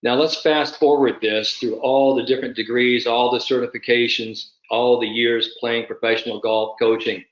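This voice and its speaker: A man's voice: medium pitch, normal speed, few pauses, dull audio. Roomy-sounding man telling a golf story. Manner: animated anecdotal storyteller, addresses the host by name. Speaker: sport psychologist guest. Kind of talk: storytelling in an online summit talk.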